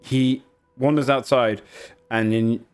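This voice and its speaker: A man narrates as game master of a tabletop game. He talks in a loose, casual way and fills his lines with "kind of" and "like". His voice sits at an ordinary middle pitch. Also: steady tone, takes it slowly, clear, resonant tone, faint music behind.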